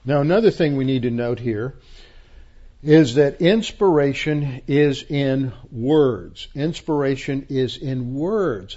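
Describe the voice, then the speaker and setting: A man's voice: mid-range voice, darkish tone, lo-fi sound. A man from Texas, a pastor teaching the Bible word by word, emphatic and repeating key words, with frequent restarts.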